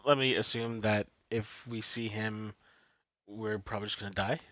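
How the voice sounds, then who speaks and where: A man's voice: lowish voice, fairly even intonation, moderate pace, fairly bright tone, dry recording, highs cut off. A man playing at a tabletop game, asking wry questions. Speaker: player. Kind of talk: casual chat at a game table.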